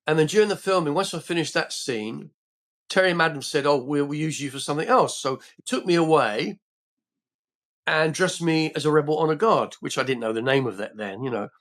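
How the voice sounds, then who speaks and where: Guesting on a podcast, an older man from England tells wandering anecdotes in a relaxed way, often restarting and using fillers. His voice runs a little high.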